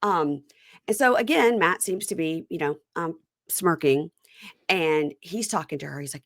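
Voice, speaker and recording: A woman's voice: lowish voice, normal speed, no room sound, clean studio sound. A woman hosting a casual podcast recap of a reality show, retelling scenes animatedly and imitating the cast's lines. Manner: animated retelling, mimics cast members' lines. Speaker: podcast host.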